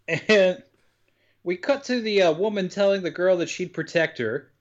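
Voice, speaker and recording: A man with a slightly high voice chats casually on a podcast, recapping a film scene by scene. He tells it with lively jumps in pitch and a loose, swearing humor. The sound is a bit dull and lo-fi. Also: brisk. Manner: animated storytelling with sudden pitch jumps, swears freely. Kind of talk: casual chat.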